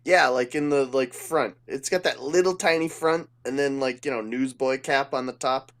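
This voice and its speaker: A man's voice: mid-range voice, moderate pace, a bit bright. A man co-hosting a podcast, casually rambling through a show's plot and swearing freely. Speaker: podcast co-host. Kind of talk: casual chat.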